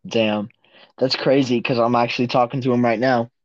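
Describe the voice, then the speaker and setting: A man's voice: mid-range voice, fairly even intonation, moderate pace, dry recording. A man co-hosting a casual podcast, joking around with random bits and silly asides. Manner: jokey, random bits, sings silly tunes. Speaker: podcast co-host. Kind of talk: goofy casual chat. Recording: dull, dry lo-fi sound.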